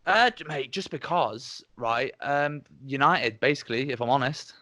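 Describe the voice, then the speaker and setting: This podcast host, a Dorset man in his twenties, speaks with a Dorset English accent in a mid-range voice with lively intonation at a moderate pace. His tone is bright and forceful, he swears freely in casual chat, and the recording is dry with clean studio sound.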